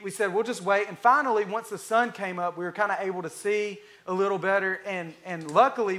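Southern US pastor, high tenor, folksy sermon delivery, leans on key words. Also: male voice, a bit bright. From Alabama, US. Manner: folksy, conversational, drawn-out emphasis.

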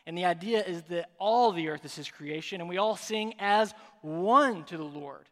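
A pastor preaches a sermon in a large church sanctuary, keeping things conversational and joking now and then. His voice is high-pitched and a bit bright, at a moderate pace, and the hall is reverberant.

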